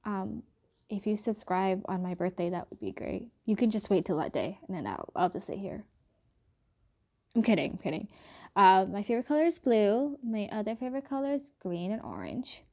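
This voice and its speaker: A young woman hosts a casual get-to-know-me vlog, chatting playfully and tossing in joking asides. Her accent is American with faint British traces from growing up partly in England. Her pitch sits in an ordinary middle range for a woman. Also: sing-song, normal speed, mellow. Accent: American with slight British traces. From born in India, raised in England and the US. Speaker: YouTuber.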